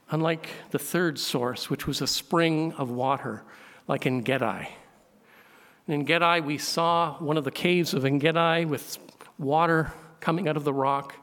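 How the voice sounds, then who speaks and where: A man preaching a sermon as pastor, asking the congregation questions and swelling to loud, emphatic peaks. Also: on the high side. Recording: long hall reverb.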